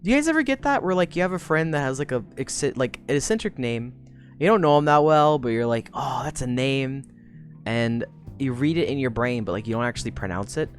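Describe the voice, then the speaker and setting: A young woman streamer chatting casually into a desk mic, rambling and energetic, swearing freely. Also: extremely low pitch, quick pace, soft background music. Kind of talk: casual live-stream chat.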